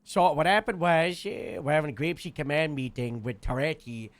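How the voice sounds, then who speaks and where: A man's voice: a little high, normal speed, no room sound. A man telling a long story in character during a roleplay game, rambling with lots of filler and restarts.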